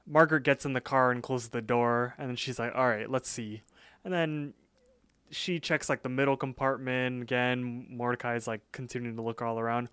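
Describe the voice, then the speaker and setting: Male podcast co-host, mid-pitched and resonant, retells cartoon scenes in a relaxed, chatty way. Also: smooth, no echo. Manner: retells scenes, quoting characters in quick asides. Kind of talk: casual episode recap.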